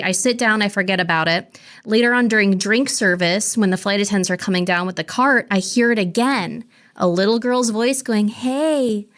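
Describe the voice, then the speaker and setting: Woman telling an animated story. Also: mid-range voice. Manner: animated retelling with quoted voices. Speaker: in-studio guest telling her story. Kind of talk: casual storytelling.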